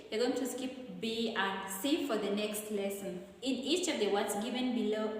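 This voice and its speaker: A woman with a Kenyan accent, teaching an exam revision lesson and explaining each point slowly and with repetition. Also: mid-range voice. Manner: slow, deliberate explaining with repetition. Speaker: English teacher. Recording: very echoey room with long reverb.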